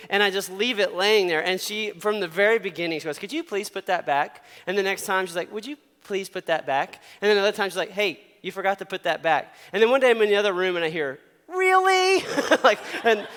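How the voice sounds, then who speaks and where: A man's voice: sits high, a bit bright, clean tone, in a large hall. A man in his thirties preaching to young people, chatty and full of laughs, with acted-out quotes in his stories. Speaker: youth pastor. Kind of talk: casual storytelling sermon.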